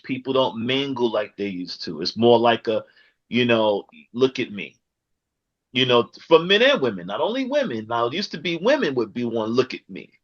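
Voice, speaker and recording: A man's voice: mid-range voice, fairly bright tone, lo-fi sound. Rambling New man interviewing. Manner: rambling, searches for words. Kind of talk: casual interview chat.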